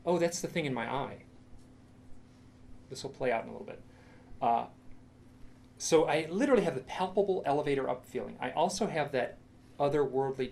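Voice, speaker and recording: A middle-aged man in a lecture room tells a personal story like a storyteller, his mid-pitched voice gravelly and tinged with vocal fry. He's halting, frequently stopping, restarting and repeating phrases, and throws in dramatic quoted asides, with faint noise in the background.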